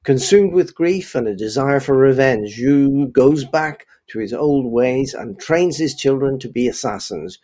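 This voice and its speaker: A man co-hosting a film podcast, calmly summarizing a plot. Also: medium pitch, measured pace, few pauses.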